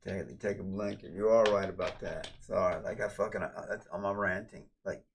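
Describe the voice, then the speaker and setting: Gravelly low-voiced man ranting on stream. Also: steady tone, normal speed, slight background noise. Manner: rambling, ranting, profane. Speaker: livestreamer. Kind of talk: casual livestream chat.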